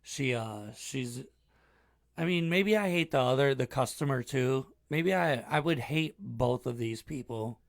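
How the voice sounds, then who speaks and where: A man's voice: mid-range voice, expressive, unhurried, gravelly. A man co-hosting a casual live chat show, blunt and opinionated, with a joking edge. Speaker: podcast co-host.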